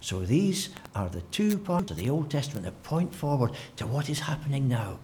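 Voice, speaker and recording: A man preaching a sermon, telling the story with animated delivery and acting out quotes in different voices. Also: medium pitch, moderate pace, slight background noise.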